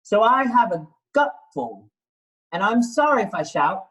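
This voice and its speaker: A man's voice: high voice, big pitch swings, measured pace, sharp tone, pitched above the performer's own voice, heavily acted, poor audio. A man voicing an exasperated koala who is fed up at being called a bear, ranting in rhyme with casual slang. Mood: indignant. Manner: indignant rhyming rant with casual slang.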